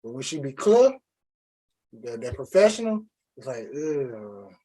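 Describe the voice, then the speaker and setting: A man hosting a podcast in casual chat, teasing and animated, in Southern slang. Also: medium pitch, moderate pace, crowd noise. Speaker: podcast host.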